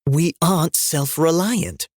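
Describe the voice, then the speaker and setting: A man's voice: a little high, slow, dry recording, clean studio sound, voice pushed up. A man reading an earnest, strained male minister. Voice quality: earnest, trying to sound reasonable. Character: earnest male spiritual guide under strain. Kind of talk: audiobook reading.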